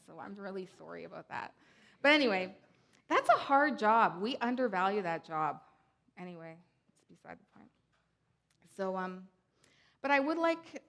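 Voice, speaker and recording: A woman's voice: mid-range voice, fairly bright tone, a little hiss or hum. Chatty woman giving a rambling talk. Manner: chatty, digressive, many asides. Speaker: director of a community centre, speaker. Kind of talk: conference talk.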